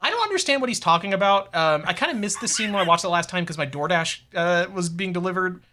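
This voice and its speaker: A man co-hosting a satirical comedy podcast, deadpan and rambling, often restarting his sentences. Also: high-pitched, quick pace, a little hiss or hum. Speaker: podcast co-host.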